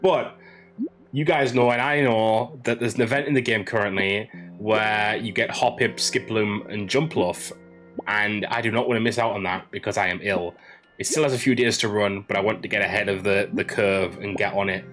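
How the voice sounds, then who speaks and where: A man hosts a game playthrough in a casual, chatty way while he is under the weather. His voice sits deep and low. Game music plays clearly behind him. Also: fairly even intonation, normal speed, a bit bright. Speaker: let's play host. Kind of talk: gaming commentary.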